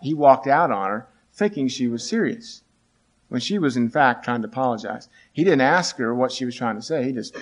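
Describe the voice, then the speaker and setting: Telling a story about his students, a middle-aged teacher speaks at an ordinary pitch, earnest and hesitant, frequently starting his sentences over. When he quotes the kids, his voice lifts.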